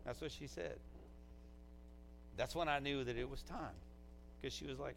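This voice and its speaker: A man of average pitch speaks as a pastor giving a eulogy, talking loosely and from the heart. He keeps it casual, dropping in "man" between thoughts. A faint hum sits behind his voice. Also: normal speed, gravelly, rough recording. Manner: conversational and heartfelt, fillers like "man".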